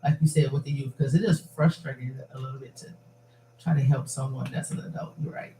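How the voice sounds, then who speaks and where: A man's voice: mid-range voice, steady tone, a little fast, mellow. A man hosting a casual talk show, rambling and emphatic in an upbeat way. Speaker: host. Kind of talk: casual chat. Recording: echoey room with faint noise.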